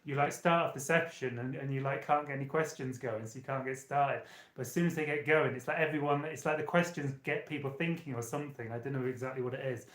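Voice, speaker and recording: A man chats and rambles straight to his viewers as he hosts a casual live stream. His voice sits at a middling pitch. It echoes around a small, roomy hotel room. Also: fast talker, a bit bright. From United Kingdom. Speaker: channeler and live-stream host. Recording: roomy echo.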